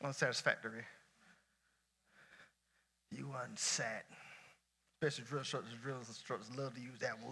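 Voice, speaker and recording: A man preaching a sermon to a church congregation, talking casually, shouting at some points and dropping low at others. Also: moderate pace, gravelly, pauses often, breathy edge. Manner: lively colloquial preaching, swinging between shouts and near-quiet asides. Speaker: pastor.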